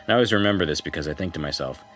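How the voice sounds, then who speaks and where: A man's voice: sits low, racing, fairly bright tone, faint music behind. A man co-hosting a podcast, reading a forum post aloud as a first-person story, with casual conversational asides. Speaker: podcast co-host.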